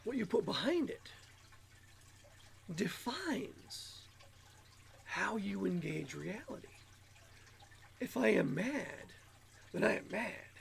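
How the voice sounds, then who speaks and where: A man's voice: high-pitched, big pitch swings, slow pace, vocal fry, long pauses, a little hiss or hum. A man hosting his channel in a rambling self-help monologue, sounding a little nasal from allergies. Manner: rambling, musing, repeats words. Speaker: channel host.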